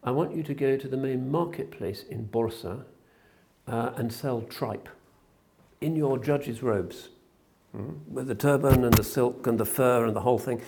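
A man voicing a humble elderly male sufi sheikh who speaks in a gently chiding, self-effacing way. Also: medium pitch, unhurried, creaky. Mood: instructing.

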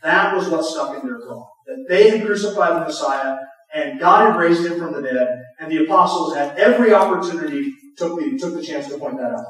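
A man's voice: fairly high pitch, brisk, fairly bright tone, distant mic. A man preaching an expository sermon, earnest and emphatic, asking rhetorical questions. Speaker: pastor. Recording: echoey hall, speaker off the mic.

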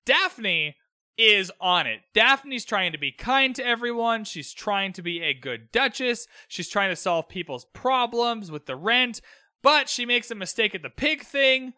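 Bright, high-voiced man ranting casually. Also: lively intonation, a little slow, smooth, dry recording, clean studio sound. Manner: opinionated, exasperated, rambling with asides. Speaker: podcast host recapping a TV episode. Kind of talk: casual solo recap podcast.

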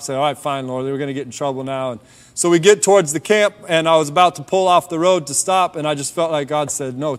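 Male preacher, fairly high voice, relaxed story-driven testimony, long reverb tail from a hall. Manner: relaxed storytelling, drops softer on key points. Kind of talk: conversational sermon testimony.

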